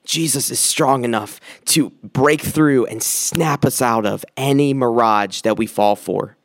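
A man's voice: medium pitch, measured pace, dry recording, studio quality. A man preaching a sermon in an earnest way, repeating words for emphasis as he builds toward his point. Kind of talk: sermon with scripture reading.

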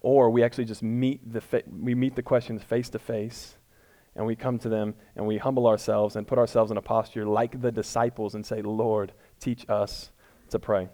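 A male pastor gives a relaxed, conversational sermon with a self-deprecating streak. He stays loose and chatty, then presses his points home with rising emphasis. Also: on the low side, moderate pace. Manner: casual, self-deprecating, builds to emphatic peaks. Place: church room before a congregation.

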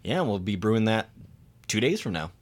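A man chatting on a podcast with an animated, swooping voice. He laughs easily and keeps the talk loose and friendly. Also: on the low side, moderate pace, crowd noise. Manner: giggly, chatty. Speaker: podcast co-host. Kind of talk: casual chat.

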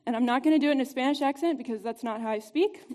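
A woman giving an upbeat, conversational devotional talk to a group, chatty and quick to laugh. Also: high voice, warm tone, slight background noise. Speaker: church teacher.

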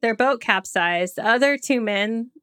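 A woman's voice: fairly high pitch, measured pace, a bit bright, smooth, no room sound, studio quality. A woman co-hosting a casual podcast, reading out facts and joking between them with frequent laughs. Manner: chatty, laughs often, reads facts then jokes. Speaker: podcast co-host. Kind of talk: casual chat.

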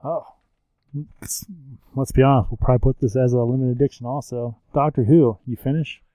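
Dark-voiced joking man co-hosting. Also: medium pitch, fairly even intonation, brisk, no room sound, poor audio. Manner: joking, playful, slips into silly voices. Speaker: podcast co-host. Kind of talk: casual chat.

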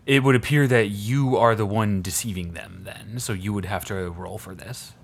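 A man's voice: fairly low pitch, moderate pace, creaky, husky. A man in a tabletop role-playing game, speaking in a dry, matter-of-fact way about the rules. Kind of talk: casual tabletop game chat.

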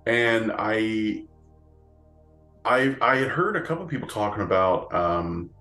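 A man chats slowly and loosely on a podcast, full of fillers and restarts. His voice sits a little low. The room has a noticeable echo, with faint music underneath. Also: animated, pushed and bright. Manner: rambling, many fillers and restarts, laughs often. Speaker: podcast co-host. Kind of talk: casual chat.

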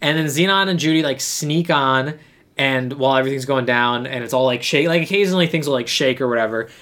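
Podcast host, casual plot recap, rambling and lively, mid-pitched voice. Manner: animated storyteller, many "like"s, acts out lines in quick voices. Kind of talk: casual chat retelling an episode plot.

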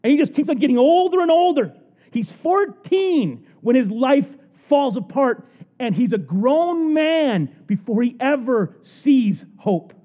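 Animated preacher on a tinny recording. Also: male voice, extremely high pitch, unhurried. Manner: animated storytelling, acting out the characters. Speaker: pastor. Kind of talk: sermon.

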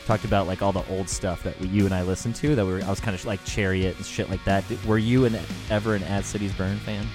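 A man's voice: deep voice, steady tone, fast talker, hardly any pauses. A man co-hosting a music podcast in casual chat, laughing often, teasing and swearing freely. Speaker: podcast co-host. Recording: music clearly playing behind.

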